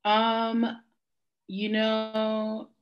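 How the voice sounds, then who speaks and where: A woman's voice: fairly high pitch, monotone, drawn-out words, highs cut off. A young woman, a singer and worship leader, talking as a guest in a casual interview over a video call, chatty and given to laughter as she tells stories.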